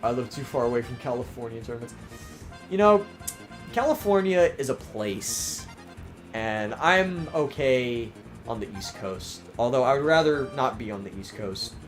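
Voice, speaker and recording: Animated and moderately paced, this young livestream host speaks in a mid-range voice with faint music behind him. His accent blends Maryland, Southern and New York-New Jersey; he reads viewer comments and chats casually, rambling with restarts and fillers as his voice begins to strain.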